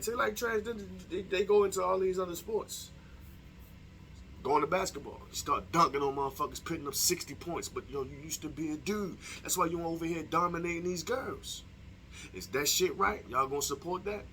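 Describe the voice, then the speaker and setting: A young man talking straight to camera in a casual vlog, swearing freely and throwing rhetorical questions at his viewers. His voice sits a little high for a man and has a bright, forceful edge. Faint ambient noise hums behind him. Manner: profane, heated rhetorical questions. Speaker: vlogger. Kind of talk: casual opinion monologue to camera.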